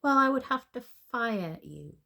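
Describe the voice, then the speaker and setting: Blunt, caring female boss-friend, raised and forceful, as a woman reading puts her on. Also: fairly high pitch, animated, measured pace, vocal fry, voice pushed up, full character voice. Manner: pushy, insistent, matter-of-fact.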